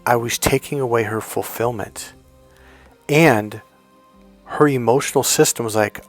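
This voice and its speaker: A man coaching on dating tells a story from his own life in a lively, talkative way. His pitch sits mid-range, and he leaps up high whenever he quotes his girlfriend. Faint music runs under his voice. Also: measured pace, pauses often. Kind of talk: storytelling monologue.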